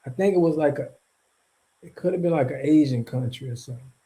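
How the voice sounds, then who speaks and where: A man's voice: a little high, quick pace, warm tone, poor audio. A man hosting a casual livestream, talking back to his chat in a loose, slangy, rambling way with frequent laughs. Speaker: streamer and channel host.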